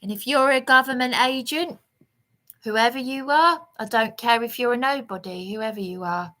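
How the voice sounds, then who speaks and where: Woman from the south ranting on her vlog, slow and emphatic, kinda high and sharp. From England. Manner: aggrieved, rambling, emphatic. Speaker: vlogger.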